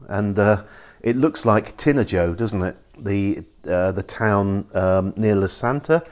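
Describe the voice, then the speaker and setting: Chatty lower-voiced man explaining pronunciation. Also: a little mellow. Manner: chatty, explanatory, with frequent ums and restarts. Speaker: host of an island information site. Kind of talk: casual voice message explaining pronunciation. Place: on an island, recorded at home.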